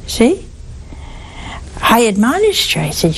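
A woman giving a sermon in a slow, deliberate way, with asides and some softly whispered stresses. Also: medium pitch, lively intonation, a little hiss or hum, rough recording. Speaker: preacher.

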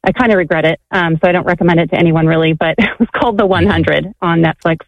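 A woman's voice: lowish voice, steady tone, fast, no echo. Female radio caller on a tinny phone line. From California. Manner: chatty, rambling, many fillers. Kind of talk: phone call to a radio show.

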